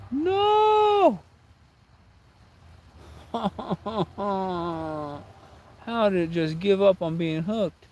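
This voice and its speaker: A man's voice: a little high, darkish tone, slight background noise. Exasperated young man fishing outdoors. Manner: exasperated, repeats himself, talks to chat. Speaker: fishing streamer. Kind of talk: casual live-stream chat. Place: outdoors by water.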